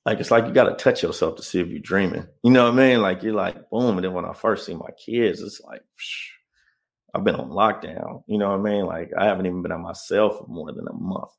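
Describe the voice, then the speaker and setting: A man's voice: low-pitched, a little fast, gravelly. A man as an interview guest, earnestly telling a personal story and often checking that the listener follows. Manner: earnest, keeps asking "you know what I mean?".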